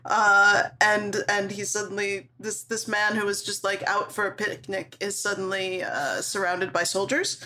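A man's voice: high-pitched, little pitch movement, a little slow, hardly any pauses, pushed and bright. A man in casual chat, rambling through story options with many fillers and small laughs. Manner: rambling, lots of ums, laughs mid-sentence.

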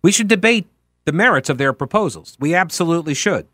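A man's voice: on the high side, expressive, quick pace, fairly bright tone, no room sound, studio quality. A man hosting a political talk radio show, speaking in an opinionated, sarcastic and emphatic way.

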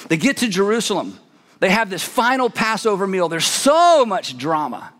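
A man's voice: high voice, sing-song, normal speed, fairly bright tone. A man pastor preaching a sermon in a conversational, storytelling way, with emphatic asides. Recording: long hall reverb.

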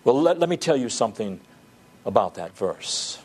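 A man's voice: mid-range voice, big pitch swings, moderate pace, a little mellow. A male pastor preaching a sermon, earnest and stretching key words for emphasis.

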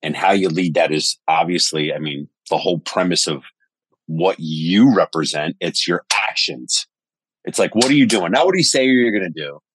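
A man's voice: deep voice, normal speed, breathy edge, no room sound. A man telling stories animatedly in a casual podcast conversation, cursing freely. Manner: animated storyteller, swears casually. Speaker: podcast guest.

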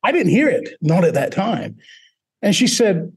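A man from Mississippi, a teacher, telling his personal story in an interview in a relaxed, self-deprecating way. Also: high voice, unhurried, gravelly, breathy edge. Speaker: teacher and guest.

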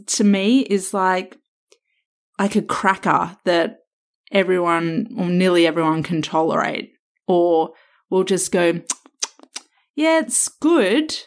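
A woman hosting a self-help podcast, talking straight to the listener in an emphatic, coaching way with drawn-out stresses. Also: lowish voice. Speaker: podcast host and counsellor.

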